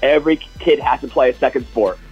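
A man's voice: mid-range voice, fairly quick, slightly rough, lo-fi sound, soft background music. A man co-hosting a casual sports talk show, telling stories with enthusiasm. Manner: enthusiastic, storytelling. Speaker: co-host.

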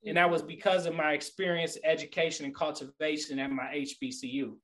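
A middle-aged man talking as a guest in a casual podcast chat, an animated storyteller who turns earnest and motivational. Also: fairly high pitch, fairly quick, poor audio.

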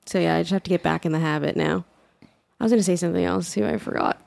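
A woman's voice: lowish voice, steady tone, fast talker, vocal fry, a little mellow. A woman in her twenties chats on a podcast, loose and talkative. She swears freely, laughs often and slips into voices when she quotes people. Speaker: podcast co-host. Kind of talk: casual chat.

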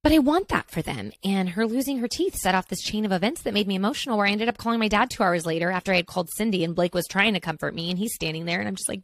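A woman's voice: medium pitch, quick pace, no echo. Woman, 30s, podcast host, casual chatty monologue, rambling, dead dry sound. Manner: chatty, rambling, many fillers and asides. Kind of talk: casual solo podcast chat.

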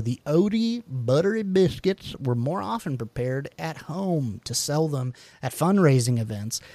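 A man's voice: mid-range voice, warm tone, no echo. A man co-hosting a podcast, reading food facts aloud with jokey asides and the odd stumble over words. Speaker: podcast co-host.

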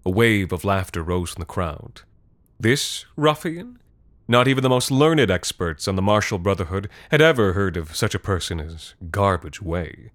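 A man narrating a scripted story in a measured, deadpan way. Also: low voice, dry recording.

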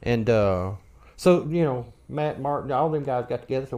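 Podcast co-host, male, animated pitch, rambling yarn-spinner who acts out the people in his stories. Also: normal speed. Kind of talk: casual storytelling chat.

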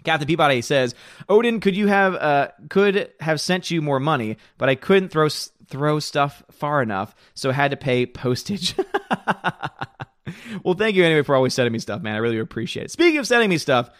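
A man's voice: a little high, expressive, a little fast, a bit bright, no echo, clean studio sound. A man hosting a movie channel livestream, casually reading out viewer comments and giving opinionated, rambling answers from his room at home. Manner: opinionated, rambling, repeats words.

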